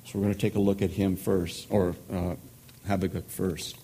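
A man's voice: sits low, flat delivery, moderate pace, dark tone, slightly rough. A man pastor teaching a sermon-style Bible study in an earnest, thoughtful way.

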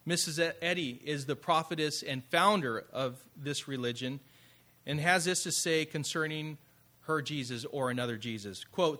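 Man, pastor, sermon, bright forceful tone, conversational, rhetorical questions. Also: on the high side, moderate pace.

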